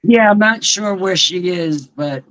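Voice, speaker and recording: A woman co-hosting a political livestream, talking bluntly and profanely in a measured way. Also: lowish voice, a bit bright, a little hiss or hum, low-quality recording. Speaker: livestream co-host. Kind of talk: casual political chat.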